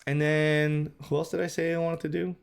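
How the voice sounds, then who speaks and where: Emphatic streamer man, slightly high voice. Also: level tone, moderate pace, gravelly, smooth. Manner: emphatic, repeats himself, says "bro" often. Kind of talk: casual live-stream commentary.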